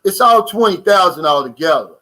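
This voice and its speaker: Bright, chatty American man live-streaming. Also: high-pitched, lively intonation, brisk, poor audio. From United States. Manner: chatty, reads out comments and riffs on them. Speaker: livestream host reading viewer comments. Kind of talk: casual live-stream chat.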